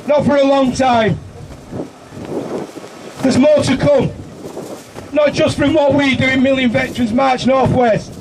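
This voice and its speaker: A man's voice: very high-pitched, fairly even intonation, unhurried, pauses often. A man rousing a protest crowd and announcing upcoming marches outdoors. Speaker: rally compere. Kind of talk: addressing a crowd. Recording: distant outdoor mic with noise.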